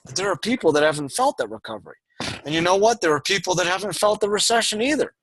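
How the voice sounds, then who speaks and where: A man's voice: sits high, expressive, fast, a bit bright, no echo, poor audio. A man lecturing an online university class in a discursive way, with frequent fillers and restarts.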